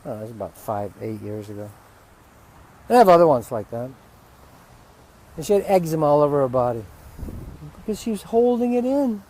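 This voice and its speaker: A man's voice: a little high, very animated, normal speed, long pauses. Profane, ranting male spiritual teacher. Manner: profane, heated ranting with sudden loud outbursts. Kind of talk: unscripted spiritual teaching talk. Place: outdoors near dogs.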